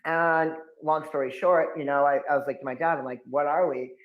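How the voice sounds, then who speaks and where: A man's voice: on the high side, fairly quick, phone-quality sound. A man in his fifties from New England, telling long stories as an occult expert guest and acting out the people he quotes. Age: 50s. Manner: animated storyteller acting out quotes. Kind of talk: storytelling interview. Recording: roomy echo.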